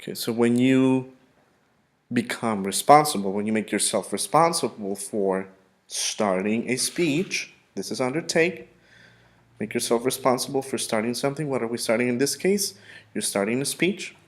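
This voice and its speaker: A male English teacher giving a vocabulary lesson, who repeats words and pronounces them slowly and with emphasis. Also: mid-range voice, expressive.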